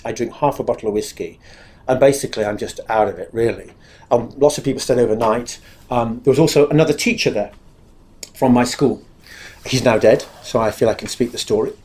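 A man's voice: medium pitch, darkish tone. Earnest man giving testimony. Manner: earnest, confessional, acts out dialogue. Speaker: speaker giving personal testimony. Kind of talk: candid spoken testimony.

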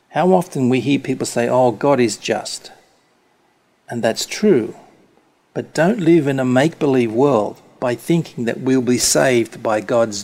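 A man preaching a sermon, speaking slowly and stressing key words deliberately. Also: mid-range voice, darkish tone.

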